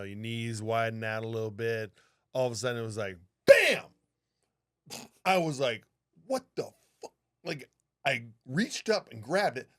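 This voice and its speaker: A man co-hosting a podcast, telling a story in casual, animated talk with a lot of swearing. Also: medium pitch. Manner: animated, profane, acts out what people said. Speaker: podcast co-host, flight attendant.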